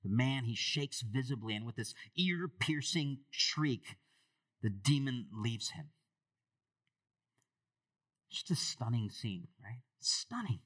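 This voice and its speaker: Pastor, man, 30s, animated sermon delivery, mid-pitched, recorded from a distance. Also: slow, pauses often. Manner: earnest, animated preaching with rhetorical questions.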